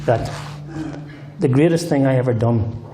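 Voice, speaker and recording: A man's voice: medium pitch, a little slow. A middle-aged man with a Northern Irish accent giving his personal testimony in church, telling his story in an earnest, emphatic way and repeating his key phrases. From Northern Ireland. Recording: roomy hall with faint guitar.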